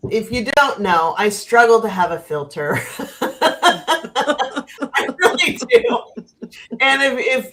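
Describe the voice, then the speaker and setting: A woman's voice: medium pitch, pushed and bright. A middle-aged woman from the United States hosting a casual livestream chat, telling a story bluntly and with lots of laughter over a video call. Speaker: channel host.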